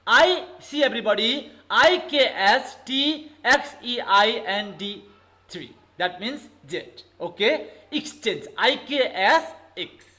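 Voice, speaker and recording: Very high-pitched, animated and slow, this male teacher speaks with a bright, forceful tone on a low-quality recording. Teaching English online with a Nepali accent, he repeatedly calls on the class, saying "okay" and "everybody" again and again.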